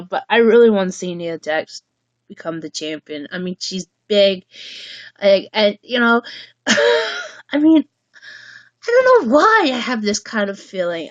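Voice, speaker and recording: Slow, rambling woman livestreamer. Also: medium pitch, dry recording, highs cut off. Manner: rambling, halting, restarts sentences often. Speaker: livestream host. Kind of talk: casual livestream chat.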